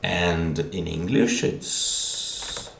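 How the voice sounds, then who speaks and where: A man's voice: low voice, wildly swooping pitch, drawn-out words, creaky, a bit bright, slight background noise. A man teaching a language lesson on video, patient and repeating words as he thinks aloud. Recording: roomy echo.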